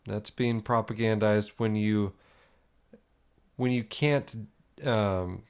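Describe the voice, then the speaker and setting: A man co-hosting a podcast, talking in a halting, searching way with many restarts. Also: on the low side, steady tone, darkish tone, clear, resonant tone. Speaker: podcast co-host. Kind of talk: casual podcast talk.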